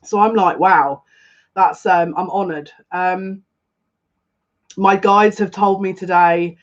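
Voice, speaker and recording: A woman's voice: medium pitch, steady tone, slow pace. A woman hosting a casual live stream as a psychic tarot reader, greeting viewers by name, effusive and on the verge of tears. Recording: slightly dull lo-fi sound.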